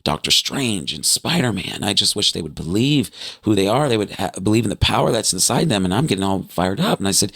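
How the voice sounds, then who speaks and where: A low, gravelly male voice telling a story with growing excitement. He often jumps up in pitch as he re-enacts moments. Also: quick pace. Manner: excitable, voice jumps high when reliving moments. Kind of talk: animated storytelling.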